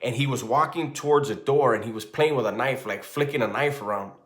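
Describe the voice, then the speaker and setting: In a mid-range voice that runs a little fast, a fortyish man animatedly recounts a true ghost encounter, swearing freely and repeatedly checking in with "right?".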